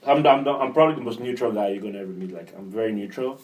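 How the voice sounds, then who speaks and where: A man's voice: on the low side, racing, a little mellow, distant mic, rough recording. A man raised in Nigeria in a casual discussion, working through his point with hypotheticals.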